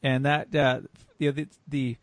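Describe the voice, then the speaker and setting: A man's voice: medium pitch, level tone, normal speed, no echo. A man hosting a casual car podcast, telling wry stories with many restarts. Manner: rambling, wry storytelling with restarts. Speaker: podcast host.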